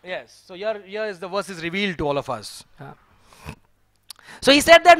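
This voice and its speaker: High-voiced preacher telling a story. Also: male voice, a little fast, no echo. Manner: lively storytelling, chuckling, conversational. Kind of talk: sermon. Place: temple hall.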